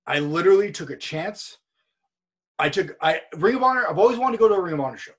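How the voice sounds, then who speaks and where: A man from California, a guest on an interview podcast, telling a long anecdote in a rambling, animated way full of repeats and quoted dialogue. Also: high voice, fast. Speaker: interview guest, wrestler and streamer. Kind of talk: casual storytelling in a podcast interview.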